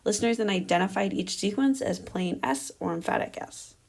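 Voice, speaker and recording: Gravelly-voiced woman presenting research. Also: medium pitch, a little fast, a little mellow. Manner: careful, explanatory, with frequent fillers. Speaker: doctoral candidate presenting research. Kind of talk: academic presentation.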